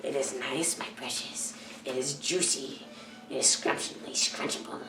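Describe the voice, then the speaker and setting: A young woman voicing a greedy, sly cave creature with a hissing, breathy half-whisper that jumps to high shrieks. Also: fairly even intonation, moderate pace. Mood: wheedling. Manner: wheedling, with sudden high shrieks. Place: church hall. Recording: echoey room, far from the mic.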